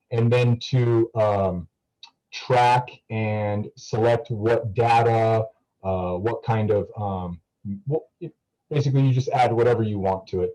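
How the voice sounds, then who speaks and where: A young man appears as a student guest speaker, addressing a class casually over a video call in a mellow, medium-pitched voice. He rambles with lots of fillers and restarts, and the recording quality is rough.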